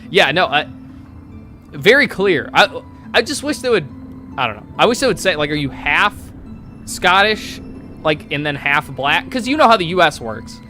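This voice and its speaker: A man's voice: fairly high pitch, sing-song, normal speed, long pauses, sharp tone, faint music behind. A man live-streaming, casually reading online posts aloud to his chat and breaking off with sarcastic asides.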